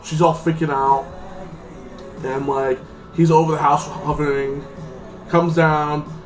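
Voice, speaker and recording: Fairly high-pitched and even in tone, this man takes his time as he rambles through a casual film review. He keeps dropping in "like" and plays out the characters himself. His voice sounds slightly distant from the mic, over faint background music.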